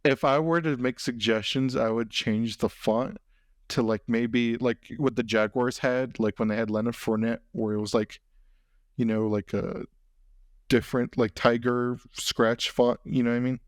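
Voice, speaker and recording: In clean studio sound with no echo, a man hosting a podcast rambles casually, full of fillers and "you know what I mean." His mid-range voice keeps fairly even intonation at a moderate pace.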